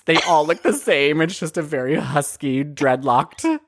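Lively, lower-voiced woman recapping a movie. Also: measured pace, slight background noise. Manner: swears freely, laughs a lot. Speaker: podcast co-host. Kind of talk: casual movie recap chat.

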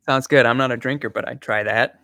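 A man's voice: mid-range voice, fairly even intonation, fairly quick, gravelly, sharp tone, dry recording, clean studio sound. A man adding short, wry quips in a casual podcast chat.

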